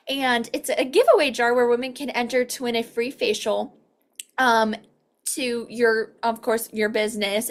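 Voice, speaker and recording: A woman's voice: a little high, a bit bright. A woman leading a casual online sales training over a video call, upbeat and chatty, acting out quoted dialogue as she explains.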